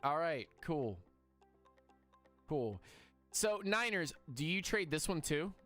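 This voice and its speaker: A man hosts a casual live stream, reacting out loud and talking straight to his chat. His voice sits high for a man and jumps up and down in lively swings. Faint music plays underneath. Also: slow. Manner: excitable, talks to chat.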